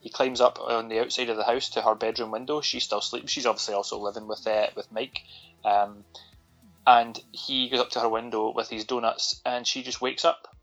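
A man's voice: mid-range voice, little pitch movement, moderate pace, fairly bright tone, highs cut off, soft background music. Sweary sardonic Scottish man. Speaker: podcast co-host. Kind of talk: casual film-review chat.

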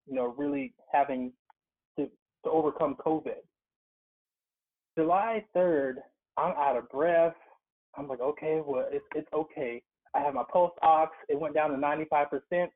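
Man on a tinny phone line. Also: a little high. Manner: earnest, emphatic storytelling. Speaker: guest, occupational therapist. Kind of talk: casual interview by phone. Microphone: phone call.

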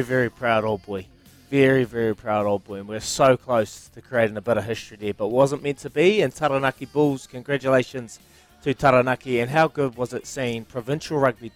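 A man with a New Zealand accent co-hosting a casual morning radio show, excitable and quick to exclaim. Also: medium pitch, no echo. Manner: excitable, exclaiming, restarts often. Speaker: radio co-host.

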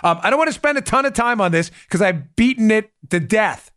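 A man with a notably high voice hosts a political commentary show. He talks emphatically, hammering his points by repeating them, and keeps breaking off into quick asides and restarts. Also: lively intonation, a bit bright, smooth. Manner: asides and self-interruptions. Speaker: podcast host.

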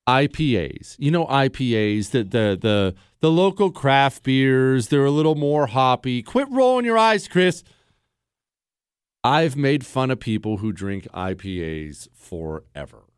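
A man's voice: mid-range voice, very animated, a little slow, clean tone, no room sound. A man hosting a talk radio show, sarcastic and bantering with his producers in the studio. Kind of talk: casual talk radio monologue. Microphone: studio microphone.

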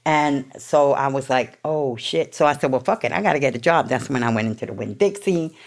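A woman from New York shares her recovery story with an audience, blunt, profane and emotional. Her voice is rumbling low and a little fast.

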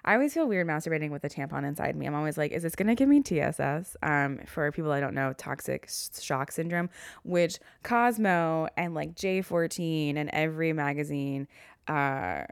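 Low-voiced woman podcast host, candid. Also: normal speed, smooth, no echo, studio quality. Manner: candid, rambling, self-deprecating. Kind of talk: casual solo podcast chat.

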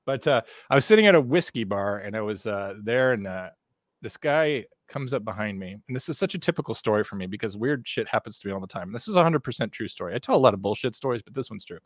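A man guesting on a podcast, casually telling a rambling, animated anecdote with plenty of swearing. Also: fairly low pitch, fast talker, dry recording, studio quality.

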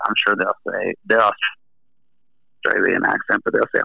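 A man's voice: lowish voice, normal speed, gravelly, sharp tone, no room sound, highs cut off. A Canadian man, a band's singer and guitarist, talking in a laid-back, rambling way as an interview guest. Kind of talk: casual interview chat.

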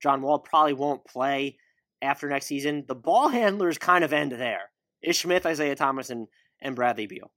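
A man's voice: medium pitch, expressive, normal speed, bright, forceful tone, no echo, clean studio sound. A man in his thirties hosting a casual sports talk show, questioning his guest and reeling off stats. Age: 30s. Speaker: podcast host.

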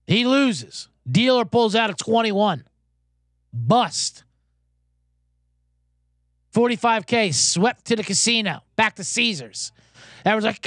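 A man hosting a sports betting podcast, telling a casino story and giving picks in a profane, animated way with shouted crowd chants. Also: high-pitched, measured pace, long pauses, no echo, studio quality.

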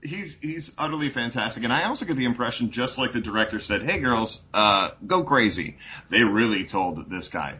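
A man's voice: medium pitch, animated, a little fast, hardly any pauses, sharp tone. A man co-hosting a podcast in casual chat, laughing often and gushing about a film. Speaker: podcast co-host.

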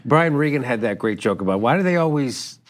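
A man co-hosting a casual podcast, chiming in with short agreements and quick jokes. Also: medium pitch, lively intonation, a little hiss or hum. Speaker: podcast co-host. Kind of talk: casual comedic chat.

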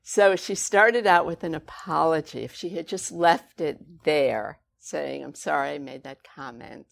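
Woman, guest author, low-pitched, gravelly, expressive storytelling. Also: measured pace. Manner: animated storyteller with expressive emphasis. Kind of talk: conversational storytelling.

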